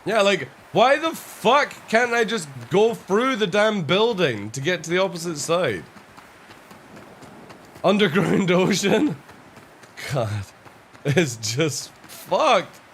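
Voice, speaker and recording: Streaming gameplay live, a man rants about the game's flaws, swearing constantly and breaking into laughter out of frustration. His voice sits high and sounds very animated and a bit bright, yet he talks slowly, with slight background noise.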